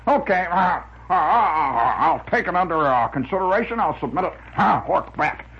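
Man doing a pompous old windbag major, harrumphing and mumbling made-up words, higher and louder than a normal voice, husky, on a dull lo-fi radio recording. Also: sing-song, moderate pace, heavily acted. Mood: blustering.

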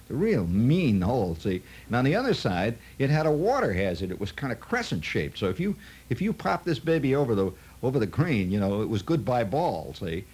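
A man's voice: mid-range voice, very animated, a little fast, a little mellow, breathy edge. A man telling a long, rambling anecdote in a chatty way, full of asides. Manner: chatty, full of "see" and "you know" asides. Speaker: storyteller.

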